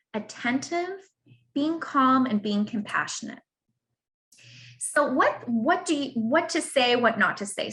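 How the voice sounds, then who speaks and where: A woman's voice: a little high, fairly bright tone, low-quality recording. A woman presenting a webinar as a cancer coach, explaining in an earnest, patient way and giving example phrases, on a computer mic over a video call. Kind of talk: online presentation.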